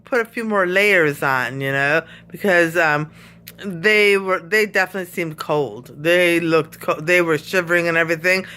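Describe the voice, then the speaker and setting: This medium-pitched voice sounds sharp, clear and resonant. It belongs to a vlogger chatting loosely from a home basement, circling back over the same points with plenty of fillers and frequent yawns.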